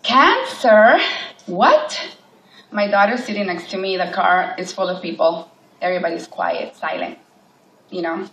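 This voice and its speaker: A woman's voice: fairly low pitch, fairly even intonation, normal speed, a bit bright. Emotional woman telling her story in an echoey hall. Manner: emotional, acts out quoted voices. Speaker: cancer survivor speaking at a charity event. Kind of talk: personal story told to an audience. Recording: echoey hall from far off, faint noise.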